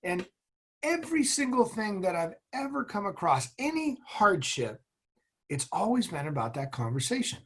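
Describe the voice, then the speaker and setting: A man's voice: sits high, sing-song, normal speed, fairly bright tone, slightly rough. Earnest middle-aged man telling motivational stories. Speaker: guest, former military officer and executive. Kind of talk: interview conversation.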